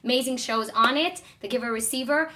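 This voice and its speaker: A woman co-hosting a talk show, passing on a viewer's question in a slow, careful way. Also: fairly high pitch, sharp tone. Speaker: co-host. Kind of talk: casual talk-show chat.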